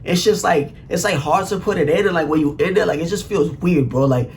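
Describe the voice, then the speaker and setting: A young man telling a profane, animated story in a casual vlog, full of "like" and "bro.". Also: a little high, a little fast, slight background noise. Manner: animated, profane, slang-heavy, constant "like" and "bro".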